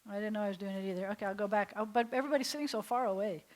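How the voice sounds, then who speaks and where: A woman's voice: mid-range voice, racing. Chatty woman rabbi teaching a class. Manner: chatty, explains step by step, asks the class questions. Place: classroom with a small group seated.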